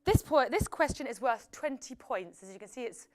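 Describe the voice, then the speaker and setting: A woman hosts a live quiz show, reading out questions and percentages. Her voice sits a little high, and she drifts into chatty, joking asides between the answers. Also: expressive, moderate pace. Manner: chatty, jokey asides, reads out poll results. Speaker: quiz host. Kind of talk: live app quiz hosting.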